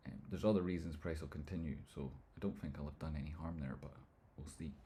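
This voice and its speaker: A man's voice: extremely low pitch, warm tone. A man hosting a casual livestream. He jokes and rambles, reading viewer comments aloud and jumping between banter and market talk. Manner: joking, rambling, quick jumps between banter and analysis. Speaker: livestream host.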